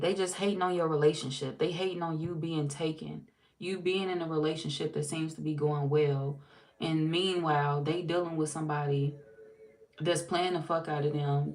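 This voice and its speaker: A woman doing a casual tarot reading, blunt and sassy, swearing freely and talking straight to the viewer. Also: on the low side. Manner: blunt, sassy and heavily profane; animated, talks straight to the viewer. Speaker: tarot reader.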